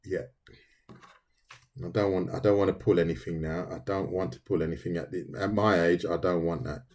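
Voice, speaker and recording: A man's voice: low-pitched, steady tone, a little fast, darkish tone. A middle-aged man, chatting casually with viewers on a livestream while he draws. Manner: chatty, talks to viewers, says "mate" often. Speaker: livestreaming artist.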